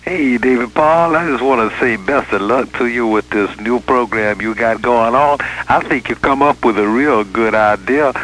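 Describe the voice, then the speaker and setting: A man's voice: medium pitch, a bit bright, a little hiss or hum, poor audio. Male caller with mock praise. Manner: mock-praising, then reciting verse grandly. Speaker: radio caller.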